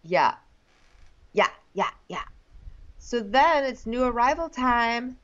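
A woman's voice: a little high, sing-song, slow pace. A woman co-hosting a casual podcast, chatting wryly about a dating show. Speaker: podcast co-host. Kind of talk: casual chat recapping a reality dating show. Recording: dull lo-fi sound.

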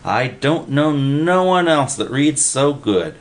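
A man voicing a shrill, excitable kid. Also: slow. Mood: excited. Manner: shrill, breathless, pleading. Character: excitable simple-minded young man, pop-eyed.

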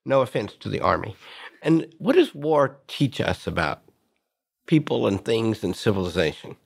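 A man's voice: on the low side, very animated, moderate pace, gravelly, slightly rough. A man hosting an interview, introducing his guest with emphatic admiration and asking broad questions. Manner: admiring, emphatic, laughs easily. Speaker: host, college president. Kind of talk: interview conversation.

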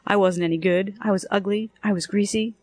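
Expressive woman reading a story. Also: medium pitch, brisk. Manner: lively and expressive, acts out the dialogue. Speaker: narrator. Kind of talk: first-person story reading.

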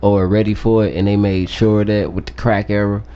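A man's voice: lowish voice, little pitch movement, normal speed, smooth, muffled recording. A man in his thirties speaking bluntly and with profanity as a co-host in a casual group chat. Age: 30s.

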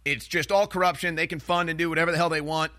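Forceful ranting male talk host. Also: a little high, fairly even intonation, fast talker, no echo, studio quality. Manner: emphatic, ranting, repeats phrases and restarts. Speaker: political talk show host. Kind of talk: heated political commentary.

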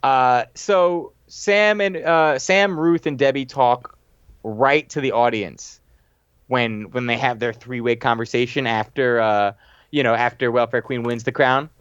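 A man's voice: mid-range voice, a little slow, a bit bright, smooth, no room sound, highs cut off. A man recapping a TV episode in casual, enthusiastic chat as a podcast co-host, rambling with restarts.

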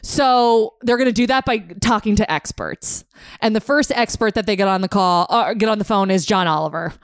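A woman's voice: mid-range voice, normal speed, smooth, no echo, studio quality. A young woman co-hosting a podcast in casual chat, rambling with lots of fillers and frequent laughter. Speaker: podcast co-host.

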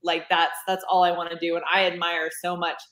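Woman, romance author, low-ish voice, rambling chatty talk, roomy echo. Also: flat delivery, fairly quick, fairly bright tone. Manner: rambling, many fillers and restarts. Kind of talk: casual interview chat.

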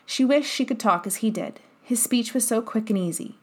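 A woman narrating a children's novel in calm, even storytelling. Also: on the high side, moderate pace, husky. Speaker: audiobook narrator. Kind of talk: scripted narration.

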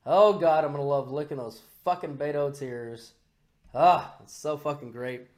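Male podcast host, slightly high pitch, crude and excitable, loose rambling delivery. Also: moderate pace. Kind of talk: casual political chat.

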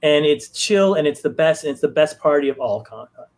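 Rambling, higher-voiced man telling a story. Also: lively intonation, brisk, a little mellow. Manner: rambling, many restarts and fillers. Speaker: guest comic book writer. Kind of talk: casual storytelling on a live stream.

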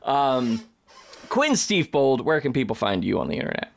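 A man's voice: medium pitch, big pitch swings, moderate pace, gravelly. A man hosting a tabletop game show, chatting casually with his guests and joking and laughing often. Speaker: host. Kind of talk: casual chat.

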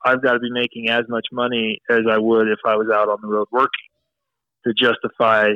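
A man's voice: medium pitch, little pitch movement, a little fast, no echo, highs cut off. A man talking casually as a podcast guest, rambling and leaning on "you know" as he explains his fly tying. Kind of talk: casual interview chat.

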